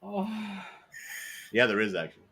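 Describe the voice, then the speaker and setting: A man hosting a casual podcast chat, telling stories in a rambling, animated way. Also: on the low side, moderate pace, a little hiss or hum.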